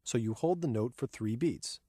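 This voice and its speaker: Man narrating a measured music lesson, dry. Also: mid-range voice, animated, dark tone, no echo. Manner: measured, clear, counts beats rhythmically aloud. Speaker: keyboard instructor. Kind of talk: scripted instructional narration.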